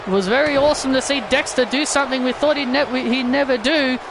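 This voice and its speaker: A man giving excited play-by-play commentary over a wrestling video game, often shouting his calls. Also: very high voice, fast. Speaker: gaming commentator. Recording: loud game crowd and noise behind. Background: wrestling game crowd noise.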